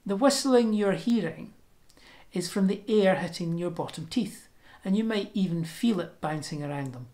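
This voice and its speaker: A woman giving a pronunciation lesson, explaining sounds step by step and demonstrating them slowly and deliberately. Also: medium pitch, lively intonation, dark tone. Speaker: language teacher.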